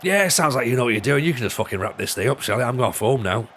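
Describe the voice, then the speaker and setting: A man putting on a blunt, deadpan comedy promoter. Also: medium pitch, fast, slight background noise, natural voice. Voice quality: flat, blunt, deadpan delivery.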